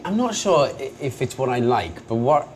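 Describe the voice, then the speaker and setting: A Welsh man in his thirties, an actor guest telling stories in a casual interview, self-deprecating and quick to laugh. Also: medium pitch. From Wales. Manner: animated storyteller, self-deprecating, laughs often. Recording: noisy background.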